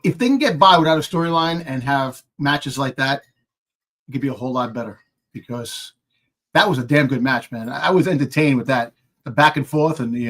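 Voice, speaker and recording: A man's voice: mid-range voice, a bit bright. A man co-hosting a live wrestling chat, rambling and hesitant, often searching for words. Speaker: podcast co-host. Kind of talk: casual live-stream chat.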